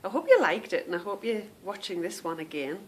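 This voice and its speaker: Woman host, chatty and digressive, mid-pitched voice with a faint low rumble behind. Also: big pitch swings, fairly quick. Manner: chatty and rambling, stumbles over unfamiliar names. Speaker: knitting podcast host. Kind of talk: casual chat to viewers.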